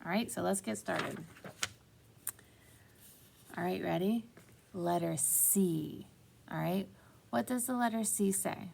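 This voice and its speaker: A woman teaching young children a phonics lesson, slow and encouraging, stretching out words. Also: medium pitch, creaky, a little mellow.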